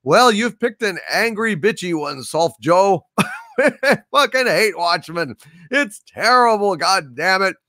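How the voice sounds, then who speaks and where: A man's voice: sits high, lively intonation, slow pace, pushed and bright, no room sound, clean studio sound. An older man hosting a livestream, reading super chats aloud with grand, theatrical proclamations. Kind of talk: casual livestream chat.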